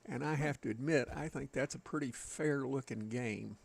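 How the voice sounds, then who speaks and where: A Southern game streamer speaks at a moderate pace in a gravelly, mid-range voice with a breathy edge. Hailing from the Southern United States, he rambles in a folksy Southern American accent, chatting with his live audience as he plays.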